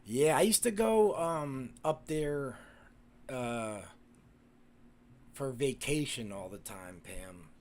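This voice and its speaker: A man's voice: mid-range voice, lively intonation, takes it slowly, pauses often, a little mellow. A man, hosting a casual live stream and chatting with viewers in a rambling, profane way, full of fillers and restarts.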